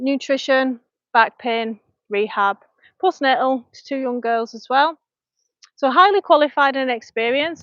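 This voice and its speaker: A woman with a Lancashire accent talks to her viewers while she trains at home, in a slightly high, frank and chatty voice with frequent laughs. The sound is dry and close on a small clip-on mic, with a dull, lo-fi live-stream quality. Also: a bit bright, dry recording. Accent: Lancashire English. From North West England. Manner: chatty and frank, laughing often, talking between reps. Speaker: fitness coach and personal trainer. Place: home, indoors.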